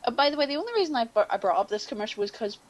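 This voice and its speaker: A woman's voice: fairly high pitch, big pitch swings, very fast. A woman in casual podcast chat, swearing freely and laughing, her voice going a bit cracky.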